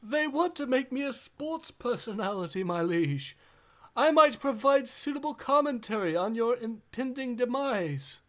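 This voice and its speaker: Man playing a fawning schemer, oily, flattering, high bright voice. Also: measured pace, exaggerated voice. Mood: sly. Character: fawning scheming male servant, sly.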